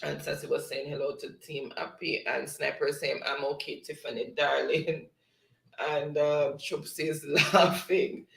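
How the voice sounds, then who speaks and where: Jamaican male co-host, higher voice, chuckles through chat readouts. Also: little pitch movement, unhurried, creaky, fairly bright tone, reverberant. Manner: giggly, reads viewer comments aloud. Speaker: live show co-host reading chat. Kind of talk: casual live-stream chat.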